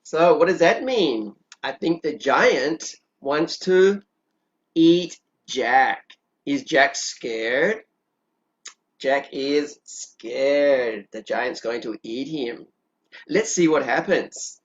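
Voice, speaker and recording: A woman's voice: extremely low pitch, lively intonation, extremely slow, lo-fi sound. A woman kindergarten teacher who patiently prompts small children during story time and draws her words out.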